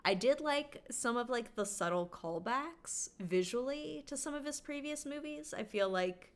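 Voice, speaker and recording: A woman's voice: fairly high pitch, animated, unhurried. A woman from Canada chatting casually to her stream viewers, rambling with lots of filler words.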